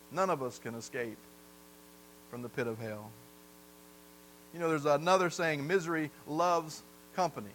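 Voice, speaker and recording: A man's voice: sits high, pushed and bright, rough recording. A man from the South, preaching a sermon in a folksy storytelling way and putting questions to the congregation. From American South. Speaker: pastor.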